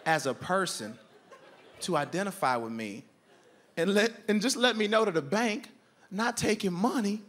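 A man performing stand-up on a club stage, telling a story in an animated way and acting out both sides of an argument. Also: high-pitched, slight background noise. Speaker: stand-up comedian. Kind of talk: stand-up routine.

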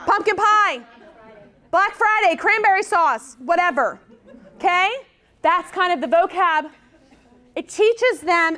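High-voiced chatty woman presenter. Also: normal speed. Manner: energetic, chatty, says "okay?" often. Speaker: workshop presenter. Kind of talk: conference workshop talk. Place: conference room.

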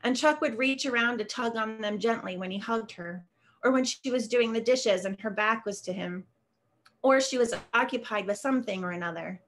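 A woman author reading her own short story aloud in a measured, steady way on a video call. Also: on the high side. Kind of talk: literary reading.

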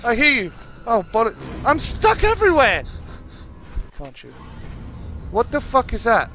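A man's voice: very high-pitched, huge pitch swings, measured pace, bright, forceful tone. A young man streaming a horror game live, swearing constantly and yelping at every scare. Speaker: gaming streamer.

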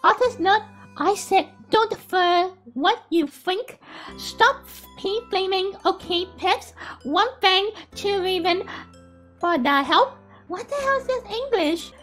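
A young woman streamer, excitable and giggly, chatting while gaming and reading a story aloud on a headset mic. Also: very high-pitched, takes it slowly, faint music behind. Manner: excitable and giggly, often apologizing.

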